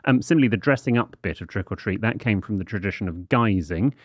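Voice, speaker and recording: A British man co-hosting a podcast, his low voice rising and falling in animated swings. He explains things precisely, like a lecturer. The sound is close and dry with no room echo. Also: quick pace. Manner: lively, precise, lecturing tone when explaining facts. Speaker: podcast co-host. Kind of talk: casual podcast chat with explainer segments.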